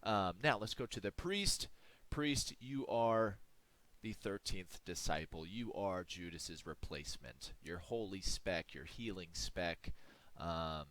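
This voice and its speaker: A man giving a comedic, mock-preachy monologue, drawing out words with dramatic pauses. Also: low voice, lively intonation, fairly bright tone. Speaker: video creator ranking game classes.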